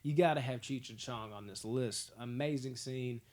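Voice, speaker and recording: A young man hosting a movie podcast, ranking films in a casual, profane, excitable way. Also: medium pitch, normal speed. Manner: profane, excitable storytelling with frequent laughs.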